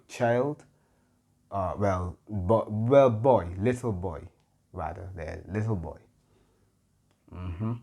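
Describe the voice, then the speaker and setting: Guy tutoring spanish grammar, slow and kinda low, mellow voice, lots of mm-hmms. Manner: patient, stops to self-correct, frequent "mm-hmm" fillers. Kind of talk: grammar lesson.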